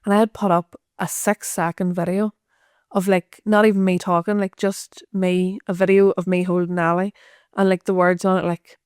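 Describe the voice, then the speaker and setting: A woman's voice: fairly low pitch, level tone, moderate pace, a little mellow, smooth, dry recording, studio quality. A woman, a podcast guest chatting candidly, swearing freely and laughing often. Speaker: podcast guest, social media creator. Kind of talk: candid casual chat.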